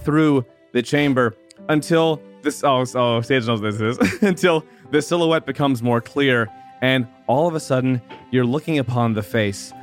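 A man running a tabletop game as game master, narrating slowly with many ums and pauses. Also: mid-range voice, soft background music. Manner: hesitant, many fillers, slow deliberate narration.

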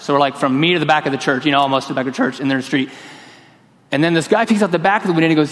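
A man preaching a sermon in a church, telling a lively personal story and acting out the voices in it. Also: on the high side, fast, long reverb tail. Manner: storytelling, acts out quoted voices. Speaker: pastor.

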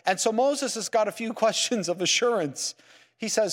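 A man leads a Bible lecture in a room with slides, his voice pitched high for a man. He keeps the class engaged with rhetorical questions and frequent checks of "okay?" and "right?". A long hall reverb trails his words. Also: expressive, moderate pace. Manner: peppers sentences with "okay?" and "right?". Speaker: Bible teacher.

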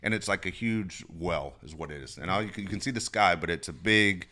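A man's voice: deep voice, a little fast, pushed and bright. A middle-aged man telling rambling, self-mocking stories in a casual chat, swearing freely. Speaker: podcast co-host and father.

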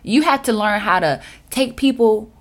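A woman voicing God as a calm, firm male presence who speaks to her in a steady, instructive tone. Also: a little high, moderate pace, natural voice.

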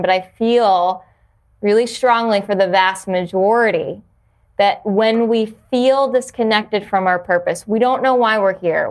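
Earnest woman guest, reflective. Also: medium pitch. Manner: earnest, reflective, with many restarts. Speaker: podcast guest, yoga teacher. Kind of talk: casual interview conversation.

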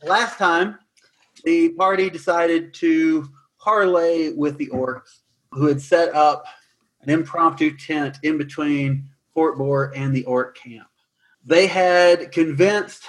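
A man narrating as dungeon master, recapping and describing scenes in a lively way with some fillers. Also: on the high side. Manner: animated, quick recaps with fillers. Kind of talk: tabletop game narration.

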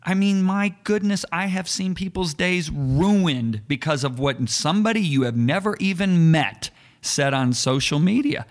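Man, co-host, Bible teaching chat, earnest, animated, restarts often. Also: high-pitched, unhurried.

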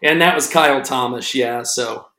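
A man's voice: medium pitch, moderate pace. Man telling a story, echoey room. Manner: animated storyteller who acts out both sides of a phone call. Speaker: podcast co-host and racing announcer. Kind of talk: casual podcast storytelling.

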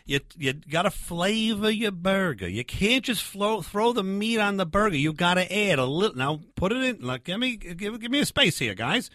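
Brash know-it-all grill guy, played by a man, high and bright, pushy, steamrolls everyone. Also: expressive, normal speed, hardly any pauses, dry recording, clean studio sound. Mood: bossy. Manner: pushy, interrupting, blustery. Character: brash loudmouth backyard barbecue guy. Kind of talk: improvised comedy sketch.

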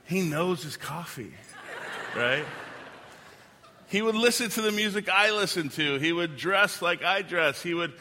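Bright-voiced preaching man in a hall. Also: sits high, moderate pace, a little hiss or hum. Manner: conversational and joking, with many "like" fillers. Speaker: pastor. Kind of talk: sermon. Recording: long hall reverb.

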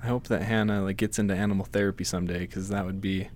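Calm, curious male interviewer. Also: sits low, quick pace. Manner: calm, curious, brief affirmations. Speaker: podcast host.

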